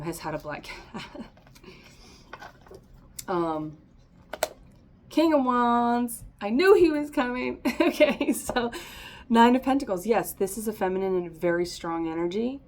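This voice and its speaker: A woman's voice: on the low side, unhurried, long pauses, a little hiss or hum. A woman giving a casual, chatty tarot reading to camera, encouraging and often laughing. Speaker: tarot reader.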